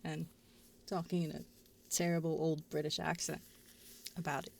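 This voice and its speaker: A woman's voice: low-pitched, level tone, moderate pace, gravelly, a little mellow. A woman hosting a livestream, chatting casually in a rambling, sweary way with frequent giggles. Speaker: stream host.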